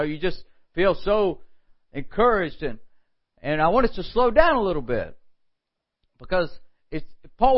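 A man preaching a morning sermon, animated, with quoted asides and frequent rhetorical questions. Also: sits high, dull audio. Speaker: pastor.

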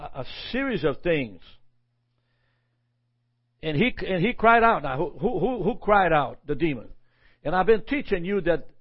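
A man preaching a sermon, reading scripture aloud and often stumbling and repeating words as he teaches. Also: a little high. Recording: dull lo-fi recording.

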